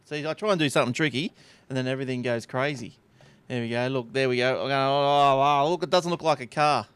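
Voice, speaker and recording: A man hosts a tech podcast in casual conversation. He talks in a chatty way, throwing in quick asides. The sound is dry and close, with no room around him. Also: mid-range voice, fairly bright tone, clear, resonant tone, no echo. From Australia. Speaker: podcast host. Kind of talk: casual chat.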